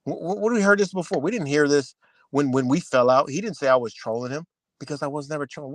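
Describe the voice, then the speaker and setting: A man's voice: fairly high pitch, quick pace, no echo. A man ranting heatedly and profanely on his livestream, repeating himself as he vents. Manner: agitated, profane, repetitive ranting.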